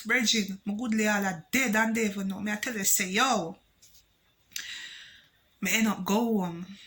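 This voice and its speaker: A woman with a Jamaican accent telling a personal story for her vlog, switching between patois and English with animated emphasis. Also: mid-range voice, normal speed, long pauses. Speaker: vlogger.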